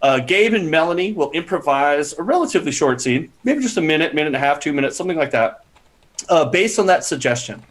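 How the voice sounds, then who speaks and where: A man's voice: on the high side, lively intonation, quick pace, a bit bright. Jokey improv show host, man. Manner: rambling, jokey. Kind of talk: hosting a live-streamed improv show.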